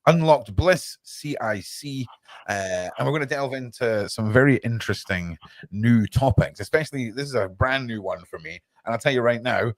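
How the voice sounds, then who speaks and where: A man's voice: mid-range voice, moderate pace, no echo. Chatty Scottish man hosting, dry sound. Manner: chatty, enthusiastic. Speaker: podcast host. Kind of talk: casual interview chat.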